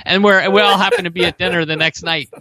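A man from Massachusetts co-hosting a sports show, telling rambling, animated stories in casual chat. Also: high voice, quick pace, no echo, rough recording. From Massachusetts, USA.

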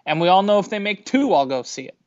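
Hesitant Boston man, slightly high voice. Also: big pitch swings, quick pace, darkish tone, no echo. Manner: hesitant, chatty, laughs easily. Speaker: podcast co-host. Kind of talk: casual sports podcast chat. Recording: dry dull lo-fi audio.

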